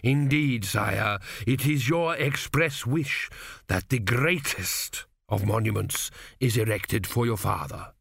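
A man voicing a grave, commanding old high priest. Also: slow, fairly bright tone, dry recording, studio quality. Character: stern aged male high priest, cold.

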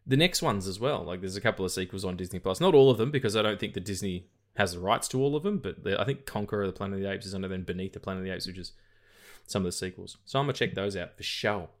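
A man with a fairly low voice talks through films on a podcast in loose, casual chat. He rambles, restarts his sentences often and swears freely, and he gets animated as he goes. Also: very fast. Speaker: podcast co-host.

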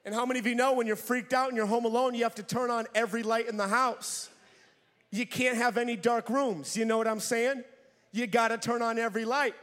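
A man's voice: extremely high pitch, fairly quick, in a large hall. A young man giving a sermon in a church, telling a personal story and acting out the people in it. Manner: animated storyteller, acting out voices. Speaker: preacher.

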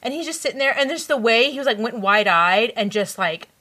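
A woman co-hosting a podcast in casual chat, chatty and quick to jump in and finish the other host's sentences. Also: a little high, animated, bright, forceful tone. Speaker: podcast co-host. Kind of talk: casual chat reviewing a TV series.

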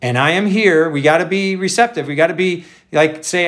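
Male pastor, slightly high voice, easygoing conversational sermon delivery. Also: fairly quick, hardly any pauses, a bit bright. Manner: conversational preaching, addresses listeners as folks.

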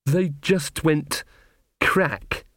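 Man doing a scared young girl, higher pitched, anxious, dry sound. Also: extremely slow, a bit bright, no echo, exaggerated voice. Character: frightened young woman, a would-be princess.

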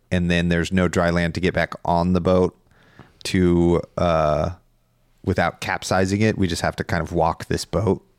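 Low-voiced man telling a rambling story. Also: smooth, no echo, clean studio sound. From Northern California. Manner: rambling storyteller, laid-back and profane. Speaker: podcast co-host. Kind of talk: casual chat.

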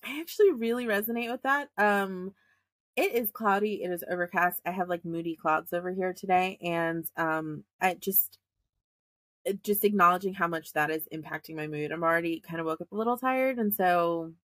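A woman's voice: fairly low pitch, normal speed, no room sound. Chatty woman podcast co-host, dry sound. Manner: chatty, laughs often, animated storytelling. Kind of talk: casual podcast chat.

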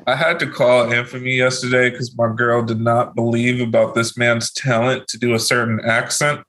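Guy hosting a podcast, animated storyteller, mid voice, swears a lot. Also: mid-range voice, normal speed. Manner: animated storyteller, profane, laughing. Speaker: podcast host. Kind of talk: casual podcast banter.

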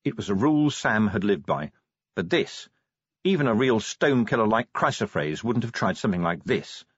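Husky expressive male audiobook narrator. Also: lowish voice, moderate pace, no room sound. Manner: expressive storytelling with shifting character voices. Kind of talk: scripted narration. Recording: dull dry lo-fi audiobook recording.

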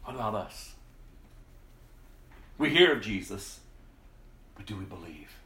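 A man preaching a sermon, reading scripture aloud and speaking emphatically, often dropping to a hush. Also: on the low side, animated, distant mic. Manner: slow, emphatic, drops to a hush. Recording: roomy echo.

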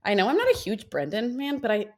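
A young woman co-hosting a podcast, chatting casually in an animated, rambling way. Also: on the high side, quick pace. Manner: animated, rambling, self-conscious. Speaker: podcast co-host. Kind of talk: casual chat.

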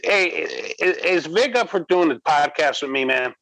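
A man's voice: on the high side, expressive, normal speed, fairly bright tone, no echo, low-quality recording. A man co-hosting a wrestling podcast in casual chat, teasing his partner with joking banter.

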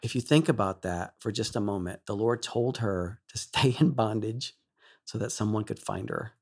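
A male worship leader, a guest on a talk show, telling an emotional story in an animated way and laughing often. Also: fairly low pitch, normal speed, gravelly, slightly rough.

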